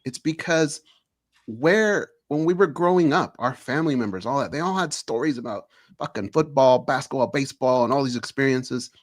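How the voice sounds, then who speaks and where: A man's voice: mid-range voice, moderate pace. A man co-hosting a sports roundtable, ranting with passion and owning that he sounds whiny. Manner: impassioned, self-aware complaining. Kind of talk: passionate rant.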